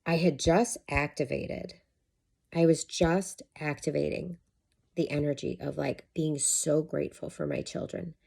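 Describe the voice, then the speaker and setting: A woman's voice: low voice, steady tone, a little slow, creaky, a little mellow, slightly rough. A middle-aged woman, a life coach, talking to camera in a candid, chatty monologue and swearing freely.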